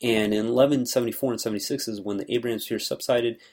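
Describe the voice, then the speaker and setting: A man's voice: mid-range voice, steady tone, fast talker, a little mellow. A man giving an earnest, conversational talk on scripture, explaining things in a loose, searching way. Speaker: religious speaker.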